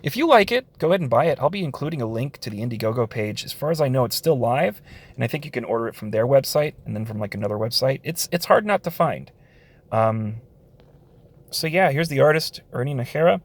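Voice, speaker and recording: A man's voice: medium pitch, animated, fast. A man giving a casual spoken review of a comic book, sarcastic, with frequent sighs, short laughs and fillers.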